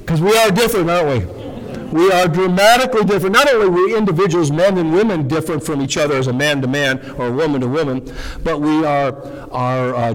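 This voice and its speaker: A man, a veterinarian, giving an animated, folksy talk to an audience. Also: fairly high pitch. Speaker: speaker, veterinarian. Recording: long hall reverb.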